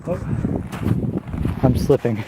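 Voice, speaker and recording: A man's voice: medium pitch, animated, slow. A young man talking casually to his camera in a daily vlog, rambling and laughing often, outdoors on an icy trail and later at home. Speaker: daily vlogger. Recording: noisy handheld camera audio.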